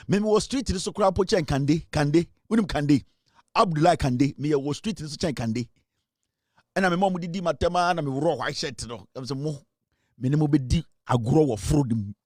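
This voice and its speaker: A young man with a Ghanaian accent hosting live political commentary in a mocking, animated way, often laughing and swinging between loud and low. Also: no room sound, studio quality. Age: young adult.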